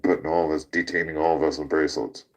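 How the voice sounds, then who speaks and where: A man's voice: extremely low pitch, flat delivery, fast. A man hosting a casual talk show, telling a rowdy story with laughter and swearing. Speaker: podcast host.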